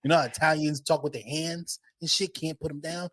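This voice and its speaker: A man co-hosting a casual podcast, talking in an animated, profane way with playful impressions. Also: fairly high pitch, brisk, no echo. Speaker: podcast co-host.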